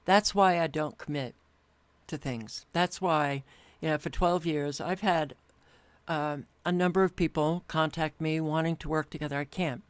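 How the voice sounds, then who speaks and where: A weary woman host talking alone to camera at her home computer, sighing often and speaking with deliberate care. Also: deep voice, no echo. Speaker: channel host. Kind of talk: casual monologue to camera.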